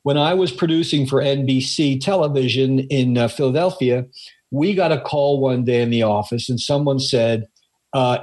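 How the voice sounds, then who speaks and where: Older male co-host from New York City; an animated storyteller with a middle-range voice who leans on dramatic pauses. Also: medium pitch. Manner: animated anecdote teller, slows down for emphasis. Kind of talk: casual chat, storytelling.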